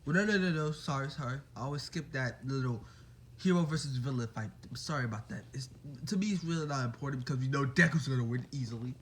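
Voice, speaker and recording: A young man casually retelling a fan story, rambling and excitable, full of fillers and quick apologies. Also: medium pitch, a little hiss or hum.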